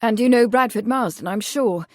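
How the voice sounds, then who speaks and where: A calm, commanding gentleman who speaks soberly, as a woman reads him. The sound is dry and close, with no room around it. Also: a little high, moderate pace, no echo, lightly acted.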